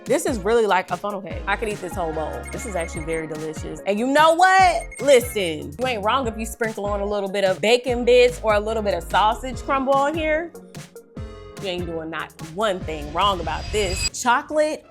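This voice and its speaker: Woman, cooking vlog host, animated, chatty, mid pitch. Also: fairly quick, soft background music. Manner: animated, talks to viewers as y'all. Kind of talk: casual cooking vlog chat.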